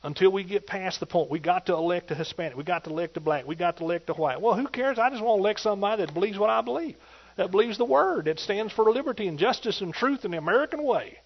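A man's voice: high voice, lively intonation, fast, breathy edge, dull audio. A man preaching a sermon with emphatic delivery, repeatedly calling out to his congregation for agreement.

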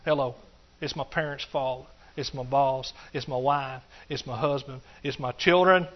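In a dull, muffled recording, a man delivers a sermon at a normal speed, his medium-pitched voice keeping fairly even intonation. His preaching is rhythmic and repetitive, building through repeated phrases and scattered hallelujahs.

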